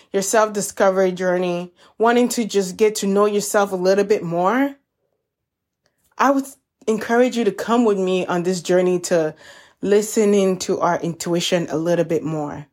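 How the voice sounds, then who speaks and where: Woman host, reflective self-help talk, unhurried and gentle, mid pitch, warmly encouraging listeners. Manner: slow, gentle and encouraging, addressing listeners as y'all. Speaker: podcast host.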